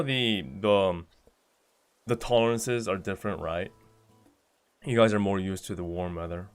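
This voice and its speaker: A man's voice: lowish voice, moderate pace, smooth, soft background music. A man streaming casually, reading viewer messages aloud and answering them one by one in a chatty way. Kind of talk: casual livestream chat.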